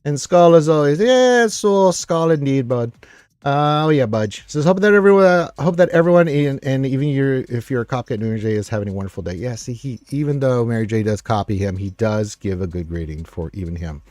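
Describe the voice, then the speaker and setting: A man's voice: mid-range voice, a little fast, a little mellow, no echo, studio quality. A man hosting a casual live stream, reading viewer comments aloud in an upbeat, rambling way with many fillers.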